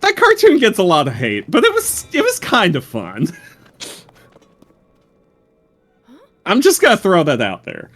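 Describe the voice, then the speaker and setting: Lively nerdy male streamer. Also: high-pitched, slow, long pauses, faint music behind. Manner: nerdy, laughing, full of franchise trivia. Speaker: streamer host. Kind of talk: casual game-stream chat.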